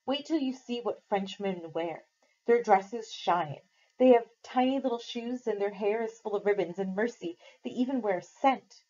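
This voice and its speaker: A woman's voice: mid-range voice, normal speed, warm tone, lo-fi sound, close to an everyday voice. A woman voicing a defiant Puritan captive girl who talks in an insistent, scolding way.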